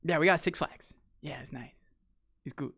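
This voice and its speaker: A man's voice: fairly high pitch, moderate pace, breathy edge. A man from California telling a story in casual chat, acting out quotes and laughing often. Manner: animated, acts out quotes in raised voice, laughs often.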